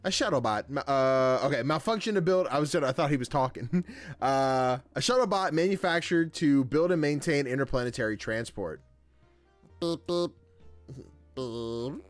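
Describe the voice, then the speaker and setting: A man's voice: mid-range voice, animated, normal speed, soft background music. A young man giving casual, playful let's-play commentary, reading game text aloud and joking around. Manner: playful, chatty, frequent laughs, slangy. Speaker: gaming YouTuber.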